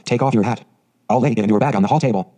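Stern, sharp-tongued middle-aged farm woman, played by a male reader. Clipped lines, mellow husky tone. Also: mid-range voice, rapid-fire, close to an everyday voice. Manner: curt, sharp, matter-of-fact.

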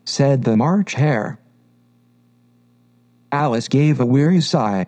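A man reading a children's classic aloud as narrator, measured and gentle. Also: mid-range voice, expressive. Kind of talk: storybook reading.

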